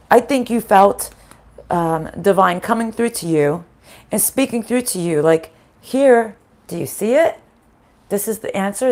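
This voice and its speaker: A woman giving a casual live spiritual tarot reading in her morning voice, chatty and laughing often. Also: mid-range voice. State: morning voice, needs warming up. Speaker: spiritual reader. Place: sunny room at home.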